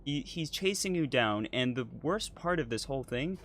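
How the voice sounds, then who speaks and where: A man's voice: medium pitch, expressive, moderate pace, fairly bright tone, a little hiss or hum. A man co-hosting a casual chat while playing a game, hesitant and apologetic, with lots of ums. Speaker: podcast co-host playing a driving game.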